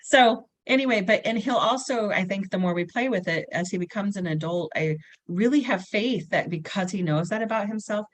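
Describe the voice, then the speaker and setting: A woman's voice: mid-range voice, fairly quick, hardly any pauses. A woman in her thirties, a family coach chatting casually and acting out her children's lines as she tells stories. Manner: animated storyteller, acts out her kids' lines. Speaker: guest, family dynamic coach. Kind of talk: casual chat.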